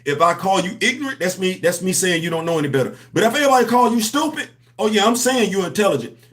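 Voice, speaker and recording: A man with hosting a comics livestream, talking to his chat in an animated, preachy, slangy way. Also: sits high, quick pace. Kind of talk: casual livestream commentary.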